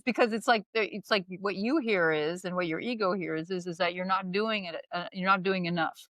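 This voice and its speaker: A woman who is a guest comedian and acting teacher, chatting casually on a podcast in a rambling, animated way full of "you know". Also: on the low side, a little fast, dry recording.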